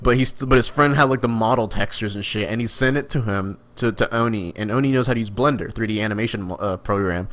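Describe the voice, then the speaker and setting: A man's voice: lowish voice, fast talker, hardly any pauses. A man co-hosting a casual podcast, telling stories and acting out quoted lines with bursts of laughter. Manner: animated storyteller, acts out quotes, laughs a lot. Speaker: podcast co-host. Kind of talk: casual chat.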